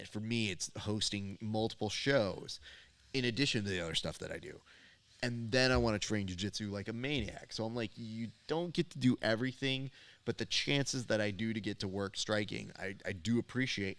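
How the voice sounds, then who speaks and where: A man with a low-set voice chatting easily as a show host. He talks at length, laughs often and slips into voices when he quotes people. The tone is relaxed and conversational. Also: a little fast. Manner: talkative, laughs often, acts out quoted dialogue. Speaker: podcast host and jiu-jitsu coach. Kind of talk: casual chat.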